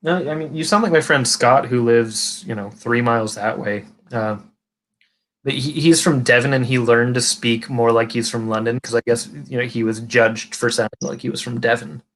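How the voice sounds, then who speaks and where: A man from California, with an accent to match, hosts a livestream chat, rambling with lots of restarts and casual swearing. His mid-range voice is a bit bright and moves at a moderate pace.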